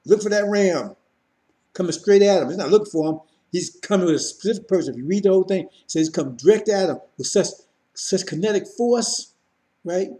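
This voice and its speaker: A man's voice: high-pitched, expressive, brisk, mellow. A man preaching a sermon, repeating points and addressing listeners directly with frequent asides.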